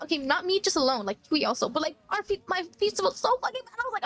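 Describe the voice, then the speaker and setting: High-voiced woman telling swear-heavy stories. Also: racing, few pauses. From Texas, USA. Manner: animated, swears a lot, laughs while telling stories. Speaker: streamer. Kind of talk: casual storytelling chat.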